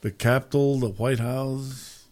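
A man's voice: medium pitch, steady tone, takes it slowly, darkish tone. Rambling older man. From Texas. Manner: rambling storyteller with frequent restarts. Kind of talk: casual family chat.

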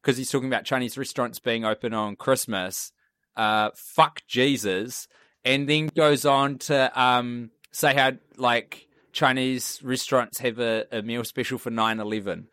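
A man's voice: medium pitch, fairly even intonation, moderate pace, pushed and bright, smooth, no room sound. A man co-hosting a podcast who chats casually and drops in wry remarks. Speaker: podcast co-host. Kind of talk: casual comedy review chat.

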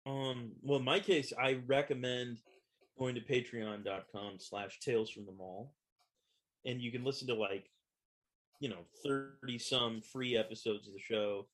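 A man's voice: medium pitch, fairly even intonation, a little slow, fairly bright tone. A man guesting on a podcast, joking and hesitant in casual talk. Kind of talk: casual chat.

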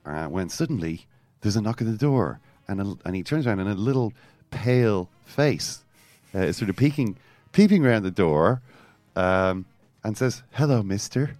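Man, very low voice, dry studio sound, animated storyteller, podcast host. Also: moderate pace, no echo. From Ireland. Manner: animated storytelling, reading quotes aloud. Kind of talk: casual football chat.

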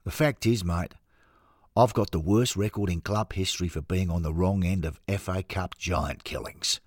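A man's voice: low voice, moderate pace, no echo, clean studio sound. A man voicing a subdued, hesitant Australian former footballer in an audio story, with an Australian accent. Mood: downcast.

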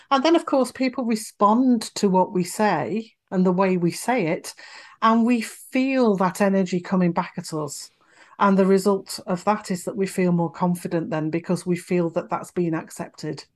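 Woman, voice coach guest on a podcast interview; expressive, explanatory delivery. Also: fairly low pitch. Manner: expressive, demonstrates vocal examples.

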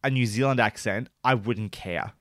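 A man's voice: lowish voice, moderate pace, a bit bright, no echo, clean studio sound. A man co-hosting a casual TV review chat, hesitant and self-conscious, often restarting his sentences. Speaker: podcast co-host.

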